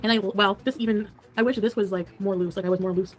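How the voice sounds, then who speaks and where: A woman's voice: medium pitch, fairly even intonation, fast talker, faint music behind. A woman on an archived live stream, answering her chat with giggles and evasive replies. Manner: giggly, evasive, keeps things private. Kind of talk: casual live stream chat, played in a reaction.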